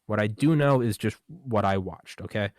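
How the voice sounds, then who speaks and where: A man hosting a podcast in a casual monologue, talking in an animated way with swearing, rhetorical questions and quick asides. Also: on the low side, no room sound. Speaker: podcast host.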